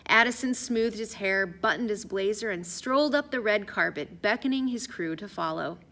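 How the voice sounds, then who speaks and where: A woman narrating an audiobook in an expressive, lively storytelling voice. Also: mid-range voice, normal speed. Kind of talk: scripted narration.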